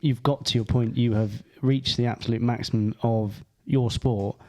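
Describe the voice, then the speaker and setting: A man's voice: mid-range voice, fairly even intonation, moderate pace, darkish tone. A British man co-hosting a golf podcast, chatting casually and agreeing readily, with lots of repeated yeahs. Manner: agreeable, repeats "yeah" a lot. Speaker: podcast co-host. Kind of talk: casual chat.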